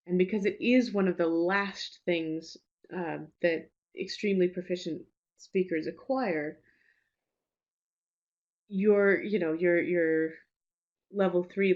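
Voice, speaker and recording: A woman teacher trainer giving a webinar presentation, relaxed and reassuring, with frequent fillers and restarts. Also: on the low side. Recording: slightly dull lo-fi webinar audio.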